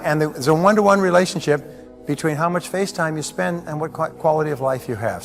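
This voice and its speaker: A man gives a motivational seminar talk and tells anecdotes in a conversational, lecturing way. His pitch is mid-range. Faint music plays behind him. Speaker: motivational speaker.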